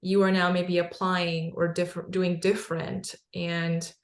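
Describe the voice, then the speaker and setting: A woman's voice: fairly low pitch, little pitch movement, measured pace. A woman host and coach who asks questions in a conversational, encouraging way, in a roomy, echoey recording. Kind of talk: conversational interview. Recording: roomy echo.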